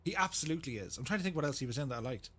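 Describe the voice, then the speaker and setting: A man's voice: fairly high pitch, animated, rapid-fire, a bit bright. An Irish man streaming a game, chatting casually and joking about impressions, laughing often. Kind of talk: casual live-stream chat.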